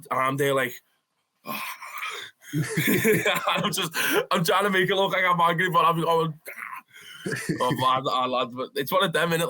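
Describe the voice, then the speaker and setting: A young man with a Liverpool accent, a podcast guest telling football stories casually, swearing and laughing as he goes. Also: medium pitch. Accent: Liverpool (Scouse). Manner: animated, swears freely, says "lad" often, bursts into laughter. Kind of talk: casual storytelling.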